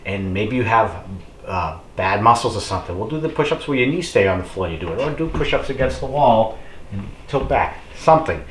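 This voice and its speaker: A middle-aged fitness vlogger speaks casually to the camera, rambling through plenty of fillers while encouraging his viewers, whom he calls "folks." His voice is fairly low, animated, and a little fast, and the audio is reverberant with a touch of hiss or hum.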